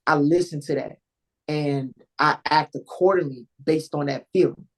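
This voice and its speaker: A podcast host with a mid-range voice speaks in a direct, informal way. The grammar is loose and casual, and many points end with a quick "right?". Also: mid-range voice, steady tone, poor audio. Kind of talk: casual conversational podcast talk.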